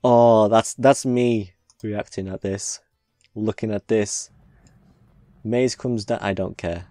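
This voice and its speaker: Low-voiced man reacting with swears. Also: fairly even intonation, slow pace, warm tone. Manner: swears freely, laughs often, exclaims at clips. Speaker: reaction video host. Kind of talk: casual reaction commentary.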